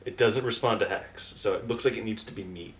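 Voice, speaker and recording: Deep-ish man running a tabletop game. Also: a little fast, a bit bright, reverberant, slight background noise. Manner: rambling, chuckling, lots of fillers. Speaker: game master.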